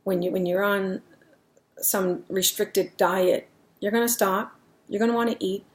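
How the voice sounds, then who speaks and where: A woman's voice: mid-range voice, steady tone, a little slow. Rambling candid middle-aged woman vlogger. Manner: rambling, candid, self-interrupting. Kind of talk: casual vlog talk.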